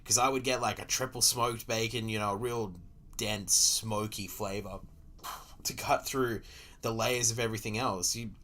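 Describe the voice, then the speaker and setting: A man's voice: lowish voice, fairly even intonation, moderate pace, sharp tone, slight background noise. A young Australian man streaming, ranting casually and profanely with sarcastic asides while reacting to a video.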